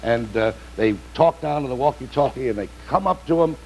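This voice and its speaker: A man's voice: medium pitch, lively intonation, fairly quick, gravelly, darkish tone, rough recording. A man telling jokes on a 1960s comedy panel show, doing voices in his stories. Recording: faint background noise, 1960s TV.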